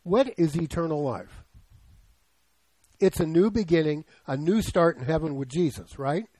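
A man's voice: fairly high pitch, measured pace, mellow, no echo, poor audio. A man in his seventies preaching a sermon in a conversational way, often putting questions to the congregation. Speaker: pastor.

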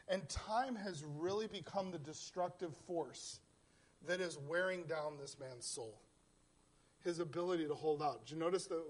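A man preaching a sermon in church, earnest, often stumbling and repeating words as he voices heartfelt prayers aloud. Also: sits high. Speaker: pastor. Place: church in South Central Pennsylvania.

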